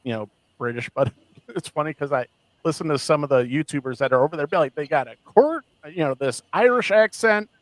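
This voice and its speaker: A man co-hosting a podcast in casual chat, animated and laughing often as he mocks what he quotes. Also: on the high side, fairly quick, dry recording, low-quality recording. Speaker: podcast co-host.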